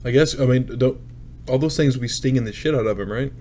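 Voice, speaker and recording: Brief: relaxed, profane male host, casual chat reading viewer comments. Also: medium pitch, quick pace, a little hiss or hum. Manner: profane, laid-back, reads viewer comments aloud.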